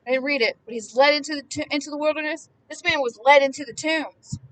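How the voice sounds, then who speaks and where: A woman giving impassioned Bible commentary, emphatic and repetitive, swinging between hushed words and loud ones. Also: sits high, fast, far from the mic, low-quality recording. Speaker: preacher.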